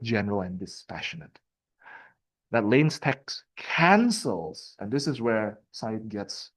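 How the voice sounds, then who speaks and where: A man's voice: mid-range voice, low-quality recording. A young man leads a university seminar in an easygoing, conversational tone. He alternates between reading passages aloud and unpacking them, peppering his talk with rhetorical questions and restarts. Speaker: lecturer.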